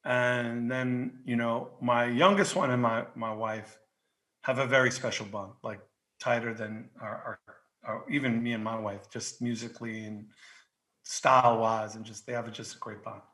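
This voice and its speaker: Animated, bright-voiced New York man. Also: medium pitch, moderate pace. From Queens, New York. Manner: animated storyteller, swears freely, shouts when worked up. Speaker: guest. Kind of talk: casual podcast chat.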